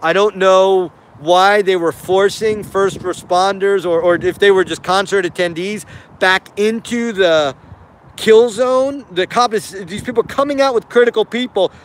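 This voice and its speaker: A man's voice: high-pitched, moderate pace. A man giving casual spoken commentary on video footage, hesitant and puzzled, often repeating himself.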